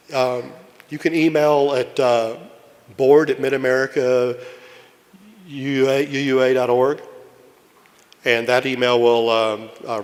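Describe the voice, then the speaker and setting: A man from Kentucky presiding at a meeting, reading a long list steadily and speaking off-script with many fillers. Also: medium pitch. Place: large meeting hall. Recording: long hall reverb.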